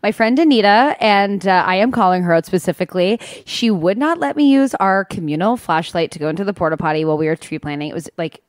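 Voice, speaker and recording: A woman's voice: mid-range voice, lively intonation, quick pace, hardly any pauses, dry recording, clean studio sound. A woman co-hosting a podcast, chatting casually and telling candid, joking stories. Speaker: podcast co-host. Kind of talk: casual chat.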